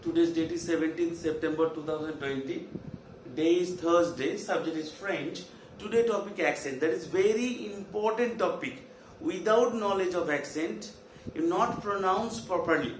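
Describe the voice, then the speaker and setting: A man with an Indian English accent teaching a virtual class, drilling terms slowly and repeating them. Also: on the high side. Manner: slow, repetitive drilling of terms. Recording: echoey room, far from mic, faint hiss.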